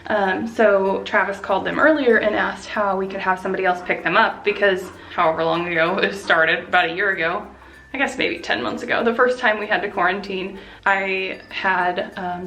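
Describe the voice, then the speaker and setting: A woman's voice: medium pitch, bright, forceful tone. A woman in her thirties chatting casually in a home vlog, talking about her dogs. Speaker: vlogger. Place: home, indoors and yard. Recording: echoey room with music bed.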